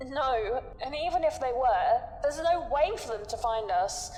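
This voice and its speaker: An actress playing a calm female crew member who explains grim facts plainly. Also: high-pitched, a little slow, long reverb tail. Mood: matter-of-fact.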